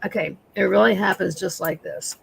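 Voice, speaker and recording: A woman with a raspy voice, a guest seller chatting casually on a live sale and describing jewelry pieces. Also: mid-range voice, steady tone, moderate pace, slight background noise, poor audio.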